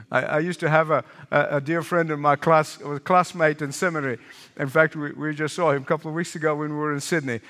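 An older male pastor preaches with an animated, lively pitch that swings high and low. He repeats phrases for emphasis and puts questions to the congregation, his slightly raised voice ringing in a long hall reverb. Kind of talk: sermon.

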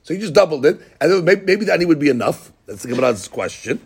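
A man's voice: fairly high pitch, big pitch swings, fast talker, slightly rough. A man teaching a Talmud study lesson, explaining the text line by line and acting out the speakers' words.

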